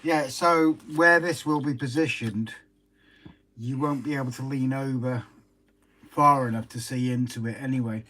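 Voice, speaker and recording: A man's voice: mid-range voice, steady tone, normal speed, bright, forceful tone, slight background noise. A man chatting casually and joking while building a model railway. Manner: jokey, easygoing.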